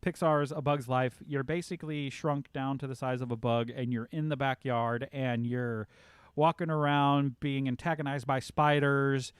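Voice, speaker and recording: A man's voice: mid-range voice, little pitch movement, moderate pace, smooth, no room sound. A man hosting a casual live stream, talking through his game in a loose, rambling way. He leans on filler words and restarts as he reads chat aloud.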